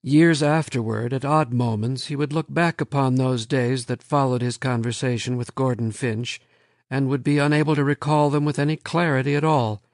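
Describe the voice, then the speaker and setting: A man narrating an audiobook in a measured, steady reading. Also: medium pitch, no echo, clean studio sound.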